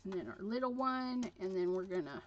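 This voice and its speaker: A woman chats animatedly while crafting on a livestream, speaking a little fast at medium pitch. She rambles with frequent fillers, and the sound is dull lo-fi livestream audio.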